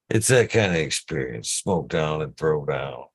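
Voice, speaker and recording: Very deep-voiced laid-back man. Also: very animated, takes it slowly, breathy edge, no echo. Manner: laid-back, swears freely, laughs between phrases. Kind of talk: casual stoner chat.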